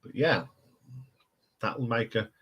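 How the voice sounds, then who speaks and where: A man's voice: medium pitch, expressive, slow pace, fairly bright tone, breathy edge. A man with a Northampton accent, hosting a casual live stream chat and rambling with frequent laughs. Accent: Northampton English. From England. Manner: chatty, rambling, laughs often.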